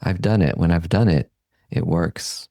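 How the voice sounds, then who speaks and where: Low gravelly male voice, mellow and unhurried; a meditation teacher reflecting calmly. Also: no room sound. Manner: calm, unhurried, gently reflective. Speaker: podcast host and meditation teacher. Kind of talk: reflective Buddhist teaching talk.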